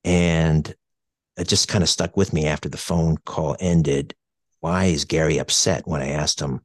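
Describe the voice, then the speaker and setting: Deep-voiced middle-aged Canadian man, reflective storyteller, halting delivery, dry close mic. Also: fairly even intonation, no echo. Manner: hesitant and reflective, many fillers and restarts. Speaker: radio show co-host. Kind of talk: personal storytelling.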